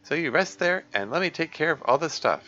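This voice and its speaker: A man putting on a cheerful young woman who won't let a friend brush her off. She sounds raised and bright, eager and coaxing, gently insistent. The recording is a little muffled, with faint music behind. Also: a little high, lively intonation, a little fast, pitched above the performer's own voice. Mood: encouraging. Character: caring, persistent young woman, upbeat friend.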